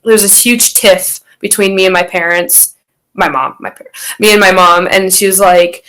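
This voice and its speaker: A woman's voice: mid-range voice, steady tone, normal speed, a bit bright, low-quality recording. Rambling young woman telling a story. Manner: rambling, filler-heavy, acts out quotes. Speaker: podcast guest. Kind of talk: casual storytelling chat.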